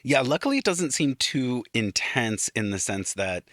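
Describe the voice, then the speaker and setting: A man with a Minnesota accent, co-hosting a podcast and recapping plot points in relaxed, casual chat with light asides. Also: medium pitch, moderate pace, no echo, studio quality. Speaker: podcast co-host.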